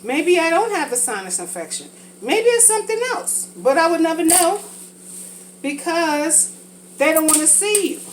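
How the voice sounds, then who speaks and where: A woman's voice: extremely high pitch, big pitch swings, moderate pace, a little hiss or hum, poor audio. A woman talking casually and frankly while cooking for a vlog, rambling from thought to thought, a little congested from a sinus infection. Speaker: vlogger.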